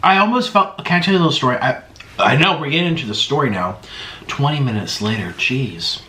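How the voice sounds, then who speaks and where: A man's voice: medium pitch, lively intonation, fairly quick, pushed and bright. Chatty man eating and rambling, roomy echo. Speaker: mukbang host. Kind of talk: casual storytelling while eating. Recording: roomy echo, faint background hiss.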